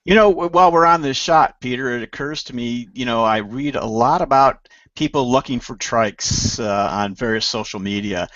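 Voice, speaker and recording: A man's voice: medium pitch, moderate pace, few pauses, fairly bright tone, dry recording, muffled recording. A man interviewing a bike shop owner in a chatty, easygoing way. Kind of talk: casual interview.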